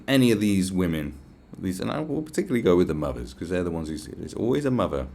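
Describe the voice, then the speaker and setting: A man's voice: low voice, very animated, fast, vocal fry, hardly any pauses, a little mellow, a little hiss or hum. A man with a British accent hosting a podcast, ranting in a casual, profane, sarcastic way. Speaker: podcast host.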